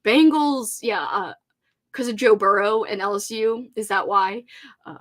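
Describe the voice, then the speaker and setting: A woman's voice: mid-range voice, measured pace, a bit bright. A woman hosting a casual reading livestream, gushing and laughing often as she answers viewer comments. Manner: bubbly and gushing, laughs often, many "like" fillers.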